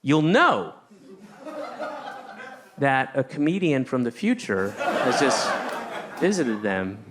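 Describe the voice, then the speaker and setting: A man's voice: medium pitch, very animated, slow, heavy background noise. A man doing stand-up comedy on a stage, chatting with the crowd in a sardonic, teasing way. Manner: sardonic, conversational, teasing the audience. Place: comedy stage in New York.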